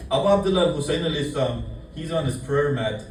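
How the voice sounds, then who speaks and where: A man's voice: on the high side, expressive, fast talker, slight background noise. A man delivering a mourning sermon to a congregation, addressing brothers and sisters and retelling a story in quoted speech. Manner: addresses the congregation, voices quoted figures in the telling. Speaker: speaker at a mourning gathering. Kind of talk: mourning sermon with chanted salutations. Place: mosque hall. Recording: echoey hall, voice from a distant mic.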